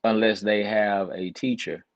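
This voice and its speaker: A male talk show guest with a lowish voice who speaks earnestly. He leans on scripture and repeats words for emphasis, with a preaching tone. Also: fairly even intonation, measured pace, dull audio. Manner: earnest, cites scripture, builds points with repetition. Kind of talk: casual chat with a preaching tone.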